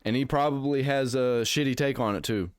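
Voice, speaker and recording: A man's voice: mid-range voice, fairly quick, smooth, dry recording. A man giving casual reaction commentary, ranting and sarcastic.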